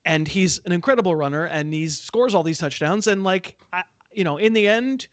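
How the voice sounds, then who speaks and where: An animated man hosts a casual sports betting chat, chuckling and self-deprecating. His pitch is slightly raised and swoops widely. The sound is dry and close. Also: moderate pace, dry recording. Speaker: sports betting podcast host.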